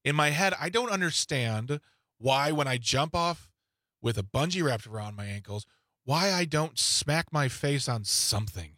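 A man's voice: medium pitch, animated, normal speed, bright, forceful tone, dry recording, studio quality. A man co-hosting a radio talk show, joking and teasing in casual chat. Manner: joking, self-mocking.

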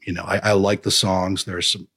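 A man with a slightly low, husky voice chats casually, rambling from thought to thought. He is playful and easygoing. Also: flat delivery, moderate pace, sharp tone. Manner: rambling, playful, slips into mock accents. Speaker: podcast co-host. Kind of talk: casual chat.

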